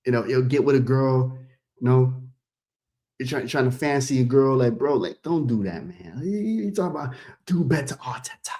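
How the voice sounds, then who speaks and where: A man streaming a casual, animated reaction, stumbling over his words and calling his audience "bro.". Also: mid-range voice.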